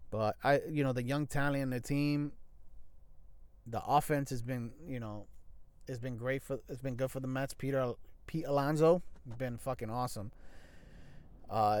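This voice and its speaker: A man's voice: mid-range voice, a little mellow, smooth, dry recording. A young man in a casual sports talk show, blunt and profane, rambling with restarts and slang. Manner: frequent restarts and fillers, loose slangy grammar.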